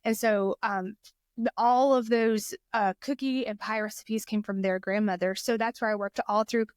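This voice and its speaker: A woman's voice: medium pitch, fairly even intonation, clear, resonant tone, dry recording, studio quality. A middle-aged woman from Georgia with a Southern accent, telling stories as a guest in a casual chat. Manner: chatty storyteller, drawn-out pauses.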